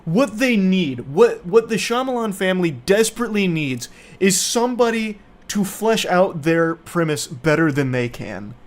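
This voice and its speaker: A man's voice: sits high, expressive, moderate pace. A man giving casual, rambling movie commentary, sarcastic, profane and mocking.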